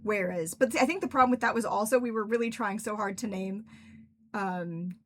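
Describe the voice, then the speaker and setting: A young author hosts a casual livestream Q&A from home, dressed in cosplay, speaking in a medium-pitched voice at a moderate pace with slight background noise. She answers questions chattily and rambles, leaning heavily on "like" and other fillers.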